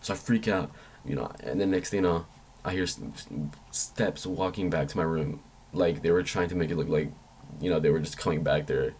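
A young man with a low voice tells a story to his vlog audience in a loose, rambling way. He swears freely and loses his train of thought often. When he quotes his own panicked thoughts, his voice jumps up high. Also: fairly quick, darkish tone, slight background noise. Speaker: vlogger.

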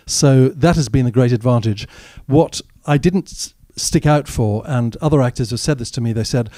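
Wry, mellow-voiced male actor. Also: medium pitch, normal speed, few pauses, dry recording, clean studio sound. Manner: candid, wry anecdotal storytelling. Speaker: actor, guest of a film Q&A. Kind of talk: live audience Q&A answers. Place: cinema stage after a screening.

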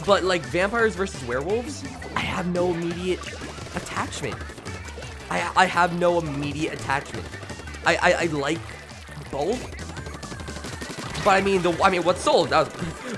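A man streaming a video game late at night, tired and rambling, with sudden bursts of shouting. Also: on the high side. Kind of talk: live gameplay commentary.

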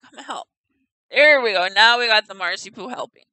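A woman's voice: a little high, fairly quick, pushed and bright, clean tone, dry recording, poor audio. A woman giving casual commentary on a game house tour, chatty and giggly, stumbling over names.

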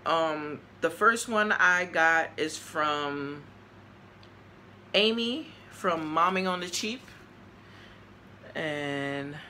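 A chatty woman with a New York accent talks to her viewers while opening mail, gushing over each card. Her voice is bright and forward. A faint background hum sits under it. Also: sits low. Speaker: vlogger. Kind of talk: casual mail-opening vlog.

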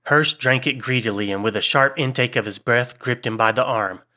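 A man reads a horror story aloud in a measured, storytelling way, his voice bright and forward. His pitch sits at a middle level, and he paces each line with care. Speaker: audiobook narrator. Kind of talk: scripted narration of a horror story.

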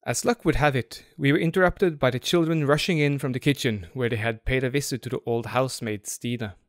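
A man's voice: medium pitch, a little fast, no room sound. Man reading a classic tale, dry. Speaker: storyteller. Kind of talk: reading a classic story aloud.

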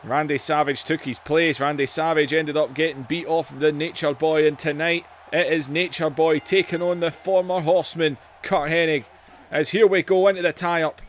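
A man doing excitable play-by-play commentary over a wrestling video game, his voice going hoarse, shouting out the moves and often saying "man". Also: a little high, moderate pace, a little hiss or hum.

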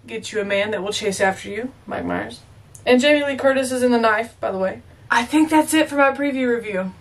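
A woman's voice: on the high side, a little fast, creaky, distant mic. A young woman chatting playfully as she reacts to a movie, with joking asides. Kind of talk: casual reaction commentary.

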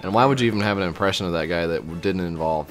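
A man hosting a gaming stream, wry and quick with puns, explaining the game to friends. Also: deep voice. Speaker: stream host. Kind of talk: casual gaming chat. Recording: faint music behind the voice.

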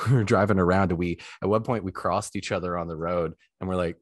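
Deep-voiced man telling stories. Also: fast talker, no echo, clean studio sound. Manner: animated storyteller, acts out quoted lines. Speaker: podcast guest. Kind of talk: casual interview chat.

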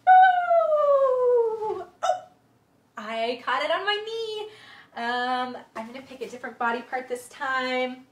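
Singing often, a young woman runs a livestreamed music and movement session for small children in an echoey indoor room. She speaks high and sing-song, going slowly with frequent pauses, full of playful sung lines and vocal games.

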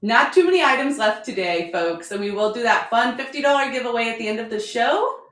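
A woman selling at a live-stream auction, bubbly and excitable, often apologizing and thanking her viewers. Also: fairly high pitch, a little fast. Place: home room with a chalkboard. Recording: echoey room.

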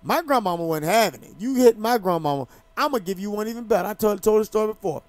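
A talk show host who is a former boxing champion tells stories in casual talk show chat, emphatic and heated, with lots of restarts. His voice is high-pitched, expressive, and fast, with no echo.

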